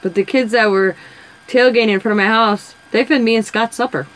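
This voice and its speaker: Woman, 40s, rambling chatty storyteller, casual craft-vlog talk, slightly high voice. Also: fairly even intonation, fairly quick, low-quality recording. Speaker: craft vlogger. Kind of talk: casual chat while coloring.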